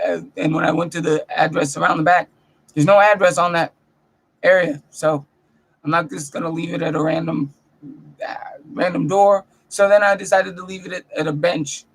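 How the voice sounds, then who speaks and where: A young man chatting casually at home in his bedroom, telling profane, self-mocking stories with animated delivery. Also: on the high side, gravelly. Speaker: comedian vlogger. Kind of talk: casual storytelling vlog.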